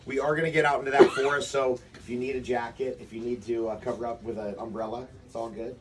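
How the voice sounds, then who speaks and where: A man's voice: medium pitch, quick pace, recorded from a distance, slight background noise. Man leading an outdoor workshop. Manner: animated, acts out quotes, rhetorical questions. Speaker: workshop leader. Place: outdoors before a forest walk.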